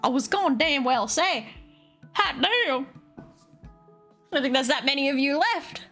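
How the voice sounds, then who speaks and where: A woman streamer giving live gameplay commentary, excitable and foul-mouthed, often talking straight to the characters in the game. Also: sits high, unhurried. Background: faint game music.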